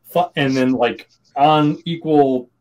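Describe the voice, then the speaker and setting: A Minnesota man co-hosts a podcast, speaking slowly in a mid-range voice with a darkish tone. His casual chat rambles, and he keeps restarting and correcting his sentences.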